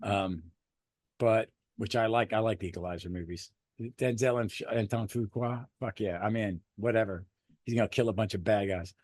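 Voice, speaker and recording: A man co-hosting a podcast, chatting casually about a superhero movie, rambling and swearing freely with animated bursts. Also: lowish voice, moderate pace. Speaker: podcast co-host. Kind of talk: casual movie review chat.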